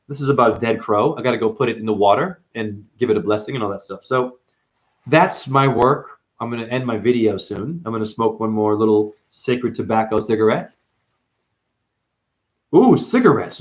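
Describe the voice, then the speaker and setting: A man giving a rambling spiritual livestream monologue, profane and full of sudden jumps in pitch. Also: lively intonation, normal speed. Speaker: spiritual vlogger.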